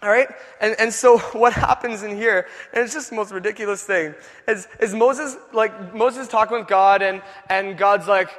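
A young man preaching a sermon, telling the story in a casual, animated way with many filler words. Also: sits high, normal speed. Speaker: youth pastor. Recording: long echo of a large hall.

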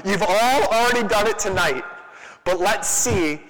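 A young man giving a youth sermon in an energetic, conversational way, with quick asides to the crowd. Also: high-pitched, long reverb tail, poor audio. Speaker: youth pastor.

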